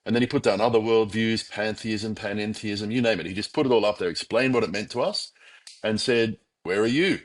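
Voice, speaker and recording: A middle-aged Australian man telling his own story as an interview guest, reflective and animated, with restarts and quoted thoughts. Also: lowish voice, brisk. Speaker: podcast guest.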